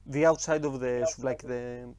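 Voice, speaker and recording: A man with a Greek accent talks in a casual podcast chat. His voice sits at a middling pitch, and he often stops mid-sentence to search for an English word. He swears in a relaxed, offhand way. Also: crowd noise. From Greece. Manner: halting, searching for words, profane.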